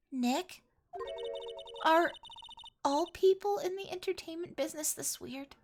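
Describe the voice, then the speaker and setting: A woman's voice: extremely high pitch, drawn-out words, pauses often, a little mellow, faint music behind, pitched above the performer's own voice, full character voice. A woman voicing a peppy young female sidekick, reading game dialogue aloud in a bubbly, indignant manner. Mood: exasperated.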